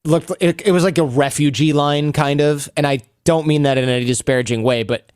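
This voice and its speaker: A man guesting on a podcast, telling stories in an animated way and acting out the people he quotes. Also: on the high side, fairly quick, clean tone, dry recording, studio quality. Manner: animated, acts out quoted people in raised voices. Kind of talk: storytelling interview talk.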